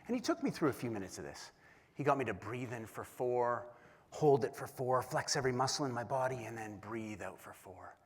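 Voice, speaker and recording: A man giving a keynote speech, telling an animated, self-deprecating story and acting out the voices in it. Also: mid-range voice, a little fast, breathy edge. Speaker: keynote speaker. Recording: long hall reverb.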